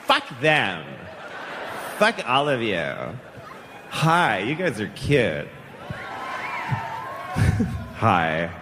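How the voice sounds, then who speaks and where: Middle-aged male stand-up, casual and profane, lively delivery; live theater with echo. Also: on the low side, very slow, pauses often, crowd noise. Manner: profane, conversational storytelling. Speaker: stand-up comedian. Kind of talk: stand-up comedy. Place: large theater stage. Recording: echoing live hall, audience noise.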